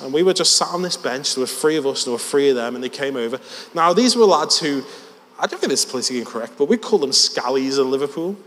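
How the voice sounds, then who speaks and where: A man's voice: a little high, a bit bright. A man preaching a sermon in a church hall, telling a story in a conversational, self-deprecating way. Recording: long church reverb.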